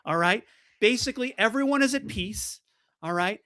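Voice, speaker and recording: Brief: male debate co-host, high voice, excitable storyteller who stumbles and restarts. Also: moderate pace. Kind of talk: animated debate banter.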